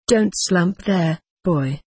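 A reader voicing a giant, gruff male monastery proctor who bellows impatiently. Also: medium pitch, extremely slow, a little mellow, dry recording, full character voice.

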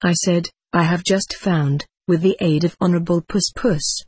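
Husky, measured storybook narrator. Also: medium pitch, fairly even intonation, no echo. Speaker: audiobook narrator. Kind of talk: first-person story narration.

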